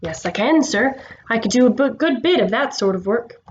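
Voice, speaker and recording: A woman's voice: fairly high pitch, animated, normal speed, muffled recording, slight background noise, natural voice. A woman voicing a humble, plain-spoken cab driver who talks hesitantly and deferentially.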